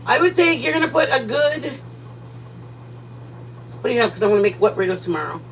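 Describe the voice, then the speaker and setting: Chatty high-voiced woman hosting a cooking stream. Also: fast talker, a little hiss or hum, rough recording. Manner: chatty and playful, greeting viewers by name with loud excited bursts. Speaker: cooking livestream host. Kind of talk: casual cooking livestream chat. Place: home kitchen.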